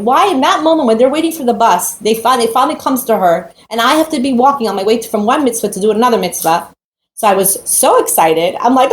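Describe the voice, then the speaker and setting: A woman teaching Torah through a lively personal story, acting out the voices of the people in it. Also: on the high side. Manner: animated storytelling, acts out quoted voices. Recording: roomy echo with faint background noise.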